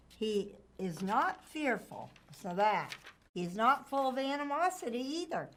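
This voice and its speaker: A woman delivers prophetic preaching on a live stream, her voice sitting a little high. She speaks fervently and emphatically, passing on what she presents as divine words. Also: expressive, a little slow, fairly bright tone.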